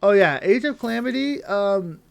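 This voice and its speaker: A man's voice: high voice, animated, normal speed, vocal fry, clear, resonant tone, no room sound. A young adult man streaming a game live, chatting to his viewers and thinking aloud while he plays. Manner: thinks aloud while playing and reading chat. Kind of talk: live gameplay commentary.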